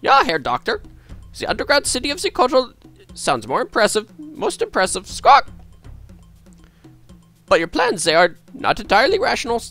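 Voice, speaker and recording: A man's voice: very high-pitched, wildly swooping pitch, normal speed, long pauses, pushed and bright, soft background music, voice pushed up, heavily acted. A man voicing a parrot that squawks and mimics a mad scientist with a mock German accent. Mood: squawking, theatrical.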